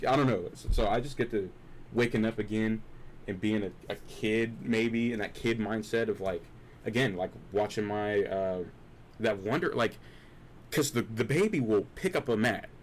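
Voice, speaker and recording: A young man talking through a rambling, philosophical chat as a streamer, repeating himself and restarting often, swinging from hushed to loud and excited. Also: mid-range voice, slight background noise. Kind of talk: rambling late-night chat.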